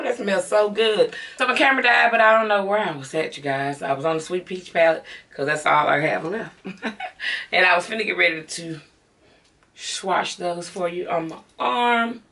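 A middle-aged Southern American woman chats casually with her viewers, calling them "y'all," in a home beauty haul vlog. Her voice is fairly low, creaky and sharp in tone, recorded from a distance.

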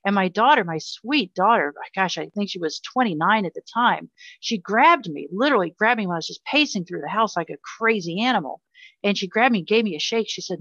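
A middle-aged woman, appearing as an interview guest, speaks earnestly and emphatically, with passion, about hard personal experiences. Her mid-range voice is animated and fairly bright at a moderate pace, recorded with no echo but in slightly dull lo-fi audio.

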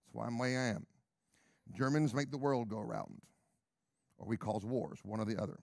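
A middle-aged man preaching a sermon with emphatic repeated questions, dropping to whispers and rising to loud calls. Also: medium pitch, moderate pace, gravelly, no echo, studio quality.

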